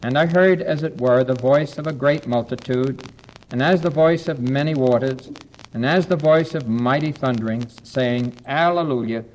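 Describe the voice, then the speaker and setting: A man preaching a sermon, earnest and steady, slowing down to read scripture aloud and adding light asides to his congregation. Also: mid-range voice, poor audio. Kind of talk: sermon with Bible reading.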